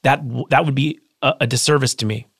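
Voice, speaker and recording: Fast-talking man in his thirties. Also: medium pitch, steady tone, a bit bright, slightly rough, dry recording, clean studio sound. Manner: fast, earnest storytelling with frequent restarts. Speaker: author guest. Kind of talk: casual interview conversation.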